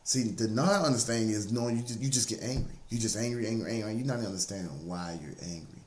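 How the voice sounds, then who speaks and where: A man with a lowish voice talks through self-improvement in a relaxed, conversational way, circling back and repeating his key phrases. His faith comes up plainly as he encourages the listener. The recording has a roomy, echoey sound. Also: quick pace. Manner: repetitive, conversational, drives points home by repeating phrases. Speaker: motivational speaker. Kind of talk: casual motivational talk.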